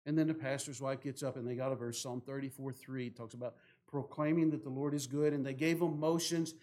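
A man, a pastor telling a story from the pulpit, growing louder and more animated in the dramatic parts. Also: mid-range voice, a little fast. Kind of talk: sermon storytelling.

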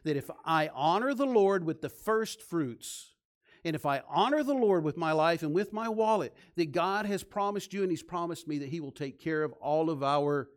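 A male pastor delivers a sermon in a somewhat high voice. He moves from storytelling into numbered points and stresses each one. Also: expressive, normal speed. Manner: storytelling, emphatic preaching with listed points.

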